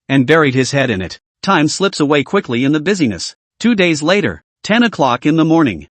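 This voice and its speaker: A man's voice: on the high side, no room sound. A man narrating a translated web comic story as a recap narrator.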